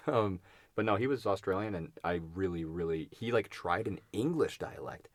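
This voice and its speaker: Here the young co-host speaks at a normal speed in a deep voice, with no echo on the recording. His podcast chatter is loose and rambling, packed with fillers and restarted sentences.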